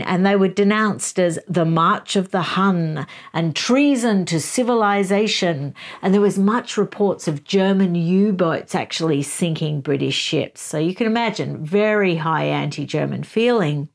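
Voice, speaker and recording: Chatty woman hosting a book review. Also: mid-range voice. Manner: animated, conversational storytelling.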